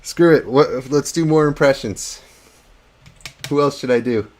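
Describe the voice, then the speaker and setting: A man's voice: mid-range voice, measured pace, a little mellow. A man chatting casually on a hobby livestream while painting miniatures, reading out chat and joking at his own expense. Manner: chatty, self-deprecating, reads chat aloud.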